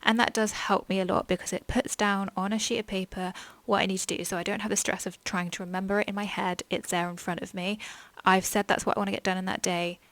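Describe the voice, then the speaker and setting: A woman's voice: medium pitch, fairly bright tone, no echo. A young woman hosting a podcast, chatting candidly about her mental health in a rambling, frank way, full of likes and ums. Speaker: podcast host.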